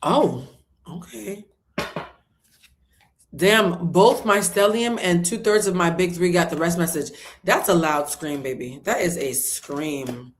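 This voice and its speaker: A woman giving a casual livestream tarot reading. She talks loudly and animatedly, swears freely and breaks into snatches of song. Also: lowish voice, slow pace, slight background noise. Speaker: tarot reader.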